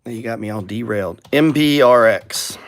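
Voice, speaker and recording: A man's voice: mid-range voice, normal speed. A middle-aged man hosting a live trading show, talking over stock charts in a blunt, profane, lecturing way.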